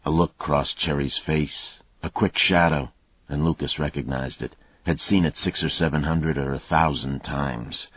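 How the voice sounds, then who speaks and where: A man narrating an audiobook in a steady, even reading voice. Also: extremely low pitch, a little slow, slightly rough, no echo. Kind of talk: scripted narration. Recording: dull, muffled dry audio.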